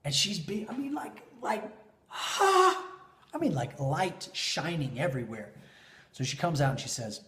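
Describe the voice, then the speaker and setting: A man in his thirties speaks as a leadership coach, telling a personal story with lively swings between loud and soft. His voice sits a little high. The sound bounces around an echoey room. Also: normal speed. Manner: animated, with big swings in pitch and loudness. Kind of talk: motivational storytelling to camera.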